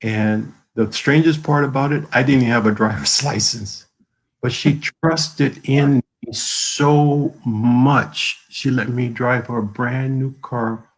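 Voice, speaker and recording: A man from the American South, a guest author telling personal stories in an earnest, halting way, with many fillers, over a video call. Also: mid-range voice, husky, poor audio. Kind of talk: emotional personal storytelling.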